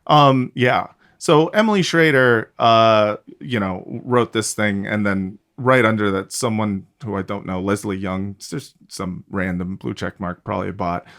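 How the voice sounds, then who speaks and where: A man's voice: lowish voice, unhurried, hardly any pauses, a bit bright. A man co-hosting a podcast in casual, sarcastic chat, rambling with many fillers. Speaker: podcast co-host.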